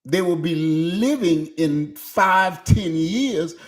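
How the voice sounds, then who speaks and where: A middle-aged man preaches an energetic sermon. His pitch swings widely and keeps things lively. He stresses his points hard and turns to the congregation with questions. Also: slow, soft background music. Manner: emphatic and animated, asks the congregation questions. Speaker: pastor. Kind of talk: energetic sermon with call-and-response. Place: church sanctuary.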